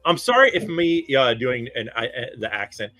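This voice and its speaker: A man from Florida jokes and swears his way through a casual stream chat. His voice is bright and forceful. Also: medium pitch, very animated, moderate pace, soft background music. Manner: joking, profane.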